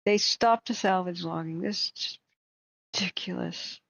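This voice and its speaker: A hoarse woman hosting a wildfire tracking livestream, ranting in angry, exasperated commentary. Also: fairly low pitch, normal speed, a bit bright, dry recording, poor audio.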